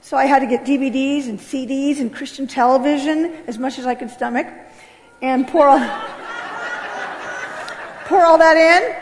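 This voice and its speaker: High-pitched woman telling her testimony in church, animated, voice rings out in a big hall. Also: moderate pace, pauses often. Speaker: testimony speaker. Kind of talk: spoken testimony sermon. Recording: long hall reverb.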